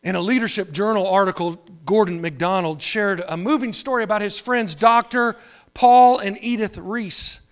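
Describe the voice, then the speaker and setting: A man preaching a sermon, moving between quiet, drawn-out phrases and louder emphatic ones. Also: sits high, clear, resonant tone. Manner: preaching with wide swings between soft and loud. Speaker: pastor.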